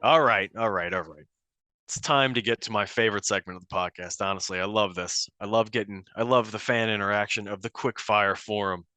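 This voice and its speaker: Male co-host, low pitch, sharp tone, dry close sound. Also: fairly quick, clean tone, dry recording, faint music behind. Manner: loose, swears, laid-back. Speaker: podcast co-host. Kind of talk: casual chat.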